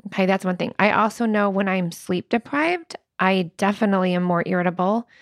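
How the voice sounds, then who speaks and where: A woman's voice: mid-range voice, brisk, no echo, clean studio sound. A woman co-hosting a podcast, talking openly and casually about her marriage and family, often laughing as she speaks. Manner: candid and confessional, laughs often. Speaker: podcast co-host. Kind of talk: casual chat.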